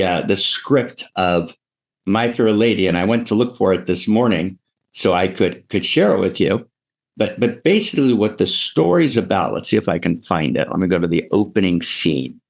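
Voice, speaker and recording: A man giving a live teaching talk, animated and digressive, with many "you know" and "right" fillers. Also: lowish voice. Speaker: teacher of philosophy.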